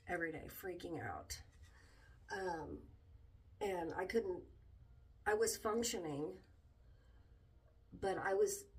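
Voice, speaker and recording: A middle-aged woman shares her story in a personal vlog, her lowish voice halting and catching with emotion. She sits a little back from the microphone, so she sounds slightly distant. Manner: halting, emotional, many restarts and fillers. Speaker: vlogger. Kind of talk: candid personal vlog talk.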